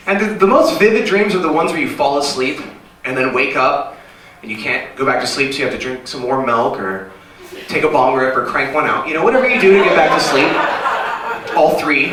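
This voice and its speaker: A man doing a rambling, self-deprecating stand-up set on a small club stage. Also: on the high side. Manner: rambling, self-deprecating, jumps into silly voices. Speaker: stand-up comedian. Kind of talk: stand-up set at an open mic. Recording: echoey room, mic from far off, noisy.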